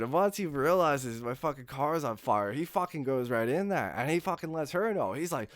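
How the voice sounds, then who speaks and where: A man hosting his channel, telling a casual anecdote with constant swearing and lively acting out of his own lines. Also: medium pitch, normal speed, no room sound, soft background music. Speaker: channel host.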